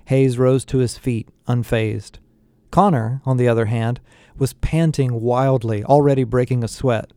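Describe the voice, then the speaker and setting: Mellow male audiobook narrator. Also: medium pitch, fairly even intonation, measured pace, no echo. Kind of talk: first-person novel narration.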